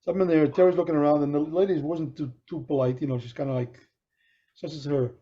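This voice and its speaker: A man's voice: a little high, fast. A middle-aged man and podcast co-host telling a long anecdote in casual chat, acting out the voices of the people in it. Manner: animated storyteller acting out quoted voices, with frequent restarts. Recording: dull lo-fi podcast recording.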